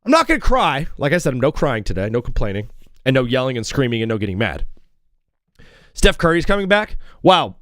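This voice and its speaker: A man hosting a live sports talk show, rambling and joking in an excitable, casual way. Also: mid-range voice, brisk, pauses often, dry recording, clean studio sound.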